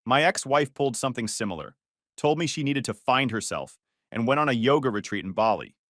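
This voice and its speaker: A man's voice: medium pitch, lively intonation, a little fast, a bit bright, no room sound, studio quality, natural voice. A man playing a wisecracking cynical buddy. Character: brash, cynical male best friend.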